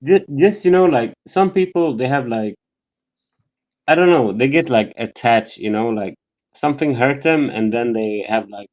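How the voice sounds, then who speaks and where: A man who is a guest in a casual livestream chat, rambling and halting with many fillers and swearing. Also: medium pitch, a little mellow, lo-fi sound.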